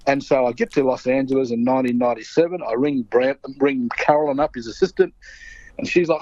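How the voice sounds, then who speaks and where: An Australian man in middle age tells a story, slipping into the voices of the people in it. His pitch sits in the middle, and the sound is dry and a little muffled, with the top end cut. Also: a little fast, dry recording. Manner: lively storyteller acting out quoted voices. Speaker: guest storyteller. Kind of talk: animated anecdote-telling.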